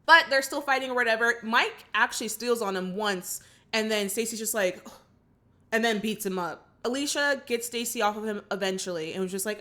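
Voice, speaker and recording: Brief: young woman host, fairly high bright voice, chatty and opinionated, recapping a movie for her viewers. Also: a little fast. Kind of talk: casual film recap and commentary.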